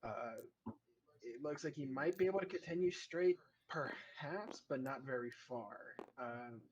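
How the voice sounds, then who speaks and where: A man's voice: mid-range voice, a little slow, darkish tone, slight background noise, rough recording. A man narrating a tabletop game as game master, loose and casual with many fillers.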